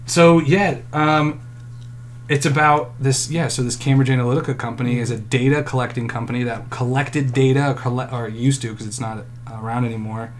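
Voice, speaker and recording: A man's voice: mid-range voice, slight background noise. A man co-hosting a podcast, talking loosely and rambling, swearing casually. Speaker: podcast co-host.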